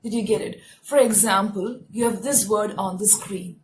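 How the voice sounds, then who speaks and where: A woman's voice: mid-range voice, normal speed, a little hiss or hum, poor audio. A woman with an Indian English accent giving a spoken English lesson to camera, explaining patiently and stressing key words. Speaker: English teacher.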